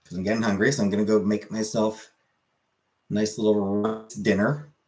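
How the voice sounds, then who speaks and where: Rambling low-voiced man chatting casually. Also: normal speed. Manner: relaxed, rambling with many fillers. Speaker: streamer. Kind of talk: casual chat with viewers.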